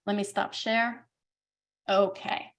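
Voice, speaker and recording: A woman breathwork coach leading a live online workshop over a video call, talking fast when she explains and slowing to a soothing pace when she guides the breathing. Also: medium pitch, flat delivery. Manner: talks fast, then slow and soothing when guiding breaths.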